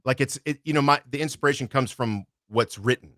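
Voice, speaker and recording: A man who narrates audiobooks, talking in a relaxed, rambling way as a podcast guest and swearing freely. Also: mid-range voice, fairly quick, dry recording, clean studio sound. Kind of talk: casual podcast chat.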